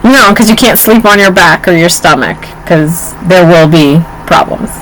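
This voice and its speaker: A woman's voice: fairly low pitch, moderate pace, a little hiss or hum, poor audio. A woman in her forties co-hosting a casual chat, telling stories and acting out what others said. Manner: animated storyteller, acts out quotes. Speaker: podcast co-host.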